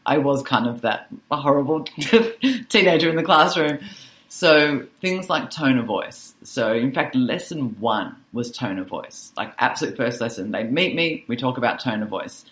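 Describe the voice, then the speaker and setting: A woman social worker and author, a guest on a podcast, telling animated stories about teaching teenagers and laughing easily. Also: rumbling low, a little slow. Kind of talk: conversational interview.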